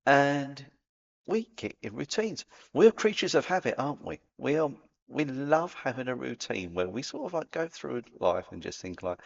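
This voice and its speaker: A man's voice: medium pitch, lively intonation, normal speed, gravelly, dull audio. A man with a Cockney accent talking casually to camera as a spiritual vlogger, chatty and playful, dropping in sound effects. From England.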